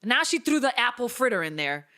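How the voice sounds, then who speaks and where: A young woman hosting a casual podcast, telling a long story and swinging up into high, excited tones. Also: fairly quick. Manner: animated storyteller, jumps to high excited pitch. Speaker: podcast host.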